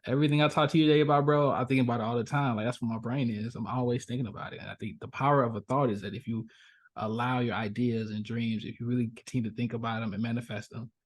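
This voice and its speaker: Young man, podcast guest, from chicago's south side, casual storyteller, jumps into voices. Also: fast talker. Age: young adult. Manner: animated, acts out voices in his stories with big pitch jumps.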